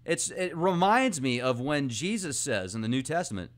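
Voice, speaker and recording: Animated man musing on myths. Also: fairly high pitch. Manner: animated, excitable, speeds up and slows down. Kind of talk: casual esoteric monologue.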